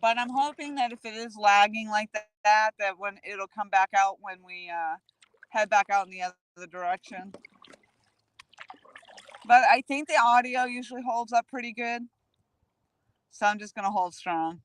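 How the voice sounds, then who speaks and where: Paddling a kayak on a lake, a woman vlogger chats casually with her live-stream viewers through a handheld phone camera. Her mid-range voice moves at a moderate pace, and she talks straight to her audience.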